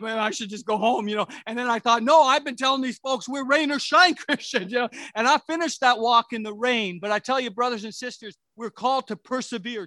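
A man's voice: sits high, pushed and bright, no room sound. A middle-aged man preaching a sermon as pastor, conversational and rambling, with restarts and asides.

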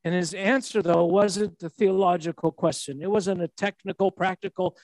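Preacher, male, 60s, high voice, dry sound, conversational sermon delivery. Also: fairly even intonation, normal speed, few pauses, darkish tone, dry recording, low-quality recording. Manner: storytelling with laughs and repeated restarts.

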